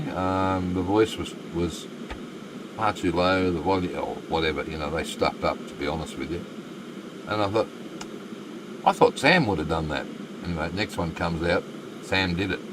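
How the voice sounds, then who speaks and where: A man's voice: sits low, normal speed, long pauses, background noise. A man with an Australian accent chatting casually while live-streaming a game, rambling and self-deprecating.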